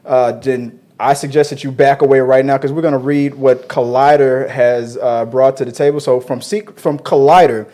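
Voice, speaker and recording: A man's voice: mid-range voice, fairly even intonation, moderate pace, few pauses, dark tone. A man hosting a casual entertainment news show, loose and joking, with frequent fillers and restarts. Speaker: podcast host.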